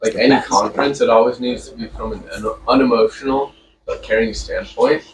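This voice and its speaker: Guy in class giving his point, measured with ums, roomy echo, mic far off, faint background noise. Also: medium pitch, a crowd in the background. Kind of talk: class discussion.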